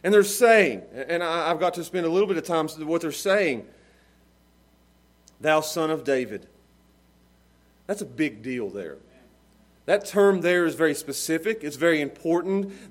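High-voiced preaching man, fervent and dynamic. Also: expressive, normal speed. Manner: dynamic preaching, swinging from hushed to shouting. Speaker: pastor. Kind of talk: sermon.

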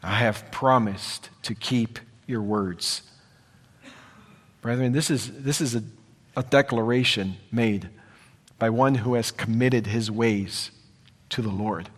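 A man's voice: medium pitch, slow pace, pauses often. A man preaching a sermon in an earnest way, repeating phrases for emphasis. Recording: long hall reverb.

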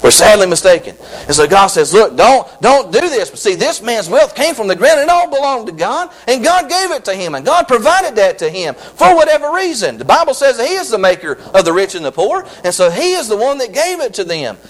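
A male pastor delivers a lively sermon, his fairly high voice swooping up and down as he hammers his points home with repetition. When he reads scripture, he slows to a measured, drawn-out cadence. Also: low-quality recording. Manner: animated preaching, repeats phrases for emphasis; slow drawn-out scripture reading.

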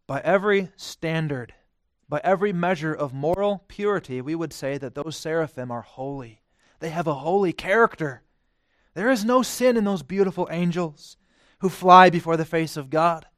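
A male preacher delivers a sermon in a high, smooth, resonant voice at normal speed, dropping to hushed, quiet phrases before rising to loud, emphatic declarations. The recording is dry and close with little room echo.

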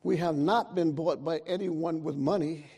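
A man preaching a sermon, calling out to his congregation and rising into loud, emphatic bursts. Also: on the high side, fairly even intonation, normal speed, breathy edge.

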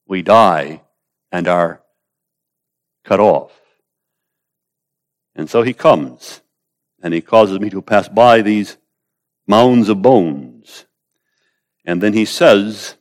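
With a slow delivery and long pauses, a man preaches an expository sermon to listeners he calls beloved. He climbs to loud pleading when praying aloud, then sinks low and quiet.

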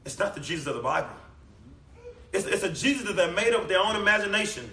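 A man preaching a sermon in a church hall, emphatic, swinging between loud declamation and low quiet passages. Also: animated, fast talker, far from the mic. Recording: echoey room, voice from off the mic.

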